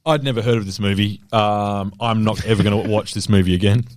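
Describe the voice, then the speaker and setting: A man's voice: on the low side, steady tone, fairly quick, dry recording, studio quality. A man co-hosting a movie podcast, laid-back and blunt, agreeing with short replies. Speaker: podcast co-host. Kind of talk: casual chat.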